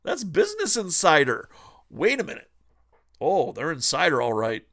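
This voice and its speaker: A man's voice: on the high side, huge pitch swings, moderate pace, vocal fry, fairly bright tone. A man hosting a retro gaming news vlog who rants about the news in a profane, sarcastic way. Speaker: retro gaming channel host.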